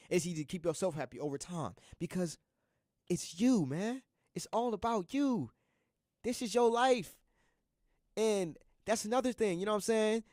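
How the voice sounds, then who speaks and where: In a radio studio with a dry, studio-quality recording, a young man hosting a college radio show gives a casual motivational talk. His fairly high, slightly mellow voice is earnest and full of slang, and he repeats himself often.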